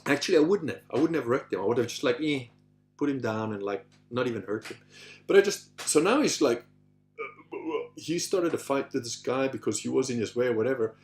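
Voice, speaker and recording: This middle-aged podcast host speaks at a medium pitch and a little fast, telling stories in answer to listener questions. The casual monologue is loose and rambling, with many restarts, asides and "you know," and he acts out voices with animation.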